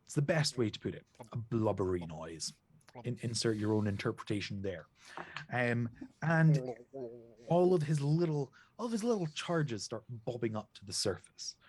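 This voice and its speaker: A man's voice: medium pitch, lively intonation, normal speed, darkish tone. A man serving as game master, narrating a tabletop game in rambling, searching descriptions.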